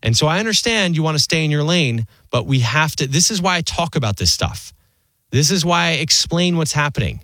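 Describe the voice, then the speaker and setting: A man in his forties hosts a radio talk show, his pitch swinging widely as he riffs and throws out rhetorical questions. The studio mic sounds close and dry, with no room behind him. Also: fairly quick, no room sound. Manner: animated, conversational, rhetorical questions.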